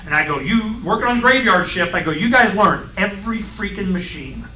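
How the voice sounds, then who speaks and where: A middle-aged man on a radio talk show, explaining science in a blunt, folksy, excitable way and acting out voices in his stories. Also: high-pitched, moderate pace, roomy sound, distant mic, a little hiss or hum, low-quality recording.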